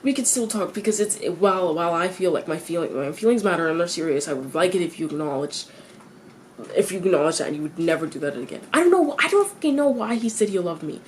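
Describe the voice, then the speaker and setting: A teenage girl talking to the camera in a confessional rant, her usual voice sitting fairly low for a woman. She stumbles over and repeats half-finished phrases, swears casually, and leaps upward in pitch when frustrated. A faint hum runs underneath. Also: expressive. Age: teens. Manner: halting, repeats herself, restarts sentences; swears freely, voice jumps high when exasperated.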